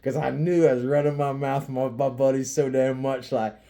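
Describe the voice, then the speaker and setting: A man in a loose, rambling monologue, full of swearing and easy laughter. His voice sits mid-range with a dark, mellow tone. He circles back on himself with restarts as he jokes. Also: medium pitch, little pitch movement, normal speed. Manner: profane, joking, often laughing while talking; rambling with frequent restarts and fillers. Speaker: vlogger.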